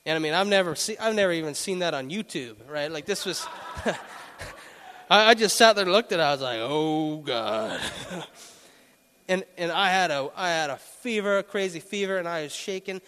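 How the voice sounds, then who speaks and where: High-voiced man telling a story in a reverberant hall. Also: normal speed. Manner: animated storytelling, laughs often, acts out quotes. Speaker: speaker giving a testimony. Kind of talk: personal testimony talk. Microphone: handheld microphone.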